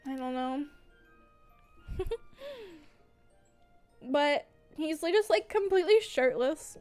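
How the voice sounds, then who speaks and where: A woman's voice: high-pitched, expressive, slow, a little mellow, faint music behind. A young woman streaming, chatting casually with lots of fillers and frequent giggles as she gushes. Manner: giggly, laughs often mid-sentence; gushing, filler-heavy. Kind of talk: casual livestream chat.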